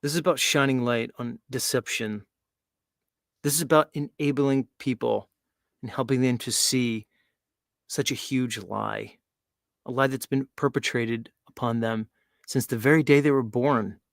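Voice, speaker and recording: A man's voice: medium pitch, steady tone, measured pace, gravelly, dry recording. Mocking, rambling male show host. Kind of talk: casual livestream talk.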